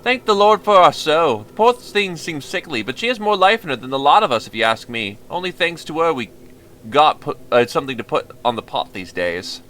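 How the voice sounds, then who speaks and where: A man voicing a weary male villager who grumbles and mutters gruff complaints. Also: a little high, sing-song, brisk, fairly bright tone, a little hiss or hum. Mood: grim.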